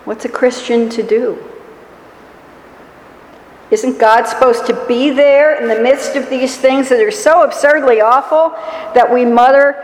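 A woman's voice: fairly high pitch, measured pace, long pauses, slight background noise. A woman preaching a sermon in a church, telling the story with wry humor and mock-whining quotes. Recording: echoey hall with long reverb.

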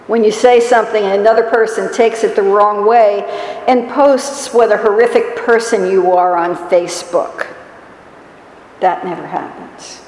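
A woman's voice: medium pitch, darkish tone. A woman preaching a sermon in a church, telling the story with wry humor and mock-whining quotes. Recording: echoey hall with long reverb.

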